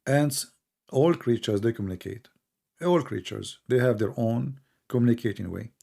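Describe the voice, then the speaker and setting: In a heated call-in debate, the male host has a creaky, mellow voice at medium pitch. He quizzes his guest with blunt mockery and recites Arabic verses rapidly, his voice showing wear from hours of talking.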